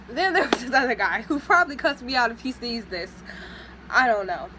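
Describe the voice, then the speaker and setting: A young woman tells a casual vlog story in a slightly high voice. She is sassy and animated and acts out what other people said. A faint ambient noise sits under her voice. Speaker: vlogger.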